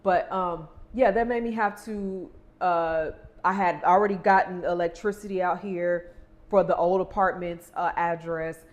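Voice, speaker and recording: A woman's voice: fairly low pitch, a little slow, muffled recording. Chatty woman vlogger telling a story. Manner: animated retelling, acts out quoted exchanges. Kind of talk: casual storytime chat.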